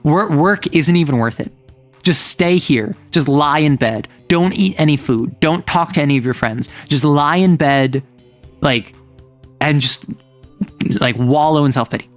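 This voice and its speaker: A soothing, lulling ogre of despair, put on by a man in a somewhat high voice. It coaxes and coddles, urging its listener to sink into gloom. Faint music plays underneath. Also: a little slow, lightly acted. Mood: coaxing, lulling.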